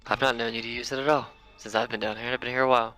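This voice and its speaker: A man's voice: mid-range voice, little pitch movement, rapid-fire, pushed and bright, soft background music, poor audio. A man playing his character in a tabletop game, blunt and insistent with a wry edge. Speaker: player.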